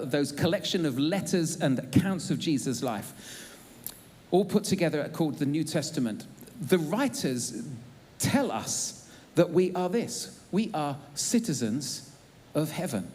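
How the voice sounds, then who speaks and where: A middle-aged Englishman preaches in a relaxed, conversational way, dropping in ums and small jokes. His voice sits high for a man and swings up and down with lively expression. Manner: chatty and humorous, with frequent ums and uhs. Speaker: pastor. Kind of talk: sermon. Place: church auditorium.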